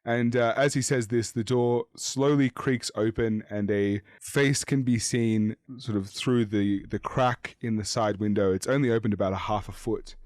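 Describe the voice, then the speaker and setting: A man's voice: mid-range voice, steady tone, normal speed, hardly any pauses, a little mellow. Casual male game master narrating. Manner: casual, filler-heavy narration.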